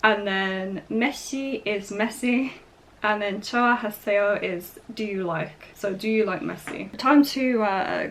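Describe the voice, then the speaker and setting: Young woman host, slightly higher voice, chatty and upbeat, walks through lines word by word. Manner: chatty, laughs often, sounds out words slowly. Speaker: vlog host learning Korean. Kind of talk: casual explaining of phrases and line-reading.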